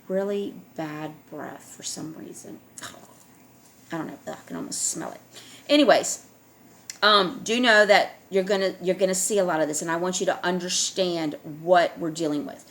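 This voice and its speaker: A woman's voice: fairly low pitch, a bit bright, slight background noise. A woman vlogger speaking in an emphatic, repetitive monologue to her viewers, often checking in with "all right?".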